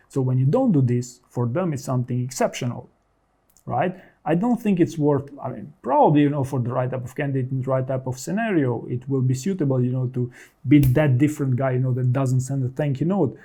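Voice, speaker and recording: A career coach speaks directly to the camera, offering straightforward, instructive advice. His voice is mid-range with a dark tone.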